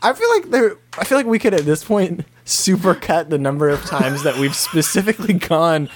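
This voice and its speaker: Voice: mid-range voice, expressive, normal speed, a little hiss or hum. A speaker casually recounting game scenes to a friend, acting out the characters' lines along the way. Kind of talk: casual chat about a video game.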